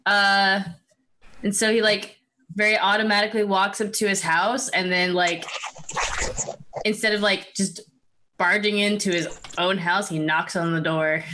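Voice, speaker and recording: A woman playing a tabletop game, describing her character's actions in a halting way with many fillers. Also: medium pitch, little pitch movement, sharp tone, slight background noise, poor audio. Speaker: player.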